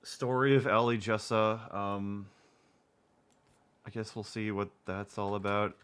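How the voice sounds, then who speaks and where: A man's voice: on the low side, flat delivery, unhurried, fairly bright tone, smooth. A man in his twenties, casually commenting on a live stream, rambling and repeating himself. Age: 20s.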